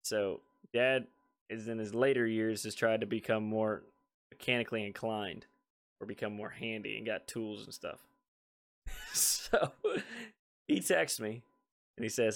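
A man co-hosting a podcast, telling family stories in a relaxed chat and laughing along the way. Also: fairly low pitch, unhurried, gravelly, pauses often. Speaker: podcast co-host. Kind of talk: casual storytelling chat.

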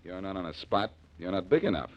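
An actor playing a cocky, wisecracking detective in a 1940s radio drama, trading quick sarcastic quips. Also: male voice, low voice, big pitch swings, breathy edge, no room sound, heavily acted. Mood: wry. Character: wisecracking reformed-thief detective, cool and cocky. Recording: dull old radio broadcast.

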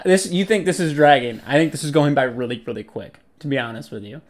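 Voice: mid-range voice, fast. A podcast co-host in casual chat, stubbornly defending a point, laughing and swearing casually.

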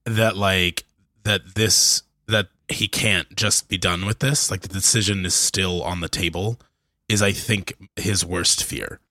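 A man playing a tabletop game who describes his moves haltingly, with many fillers. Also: deep voice, fairly even intonation, pushed and bright, no echo, studio quality. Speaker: player.

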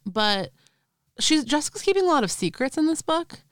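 A woman co-hosts a podcast, chatting casually about a book, laughing often and acting out quotes. Her high voice swings widely in pitch at normal speed, and the studio sound is clean with no room noise.

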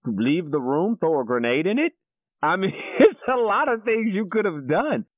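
A man co-hosting a casual movie review podcast, his pitch leaping up and down as he gets excited. He laughs often and swears freely. The recording is close and dry, with no room sound. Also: normal speed, no room sound. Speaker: podcast co-host.

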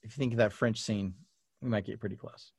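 A man's voice: lowish voice, fairly even intonation, quick pace, creaky, slightly rough, dry recording. Playful man hosting a quiz, dry sound. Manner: playful, jokey, runs the scoring. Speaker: quiz host among friends. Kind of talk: casual podcast game show.

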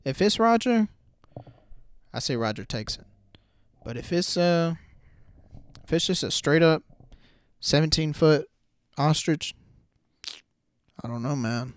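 A man's voice: on the high side, no echo, clean studio sound. A man hosting a casual solo podcast, talking loosely in slang and calling listeners bro. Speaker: podcast host.

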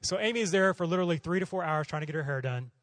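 Fast-talking animated male preacher. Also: on the high side, no room sound. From Oklahoma. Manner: animated, acts out voices in his stories. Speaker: missionary preacher. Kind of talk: storytelling sermon.

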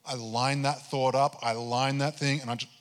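A man's voice: medium pitch, moderate pace, smooth. Man preaching a story in an echoing church. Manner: animated storytelling, acting out his own prayers. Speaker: pastor. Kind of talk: sermon testimony.

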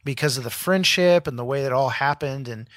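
A pastor in his thirties co-hosts a podcast, speaking a little fast in a medium-pitched voice. In casual chat he tells a personal story, animatedly acting out what people said.

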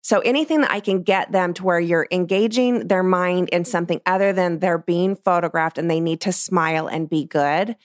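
A middle-aged woman, a portrait photographer, explaining her craft in a casual, animated way and acting out what she says to clients. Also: fairly low pitch, normal speed, few pauses, no room sound, clean studio sound. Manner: lively, acts out what she tells clients. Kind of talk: casual teaching talk.

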